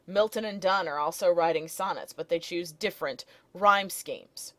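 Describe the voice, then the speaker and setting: A woman's voice: on the low side, moderate pace, fairly bright tone. A woman teacher narrating lecture slides, explaining steadily and reading poem lines aloud.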